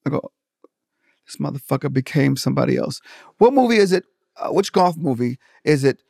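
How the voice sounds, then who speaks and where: A man's voice: on the high side, brisk, creaky. A man telling a golf story with lots of swearing, acting out what everyone said in a casual podcast chat. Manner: animated, profane storyteller acting out quotes. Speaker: podcast guest, comedian.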